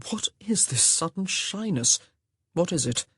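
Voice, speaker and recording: A self-assured, roguish gentleman with a dry, clipped, sardonic delivery, read by a woman. The voice sits low and husky with lively turns in pitch. The sound is close and dry, like a studio audiobook. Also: a little slow, no echo. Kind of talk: audiobook character voice.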